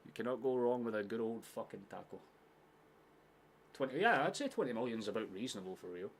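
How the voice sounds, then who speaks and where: A man hosting a live football watchalong, chatting casually, swearing often and shouting at big chances. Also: fairly low pitch, animated, a little fast, a little hiss or hum.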